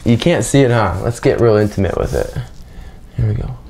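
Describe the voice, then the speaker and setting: A man's voice: lowish voice, lively intonation, a little fast, creaky, mellow. A young man giving an unscripted, casual language lesson, rambling loosely with self-mocking jokes and constantly checking in with "right?". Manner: keeps checking in with a tag "right?". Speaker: language teacher.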